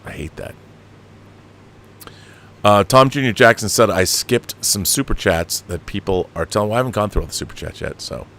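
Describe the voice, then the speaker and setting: Reading viewer comments aloud on a casual live stream, a middle-aged host speaks at a fairly low pitch, a little fast, with hardly any pauses. His reactions are animated, full of restarts, laughs, and swearing when annoyed, and there's a little hiss or hum in the audio.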